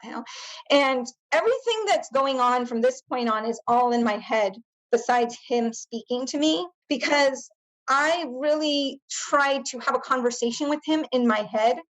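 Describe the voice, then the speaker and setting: A middle-aged woman, a podcast guest, recounting a painful personal memory in a halting way, with many fillers and restarts. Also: sits high, a bit bright, rough recording. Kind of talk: personal testimony in interview.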